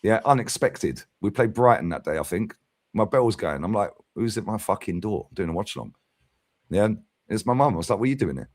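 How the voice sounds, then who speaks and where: A man's voice: on the low side, lively intonation, brisk, dry recording, studio quality. A man hosting a casual football fan chat, blunt and sweary, tagging "yeah?" onto his points. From London. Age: 40s. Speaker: fan channel host.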